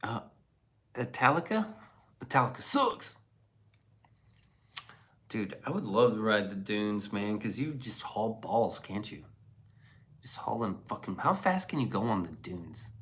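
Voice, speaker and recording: A man's voice: on the low side, very animated, unhurried, long pauses, fairly bright tone. Profane casual male streamer. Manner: loose and profane, riffs on chat messages. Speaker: livestreamer reading chat.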